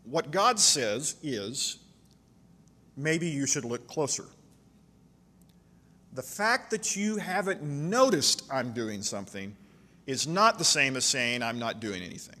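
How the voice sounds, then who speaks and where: A man's voice: on the high side, pushed and bright. Pastor guy preaching, fired up, drags out the big lines, echo hanging in a big church. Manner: impassioned, dramatic readings with slowed emphasis. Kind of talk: sermon.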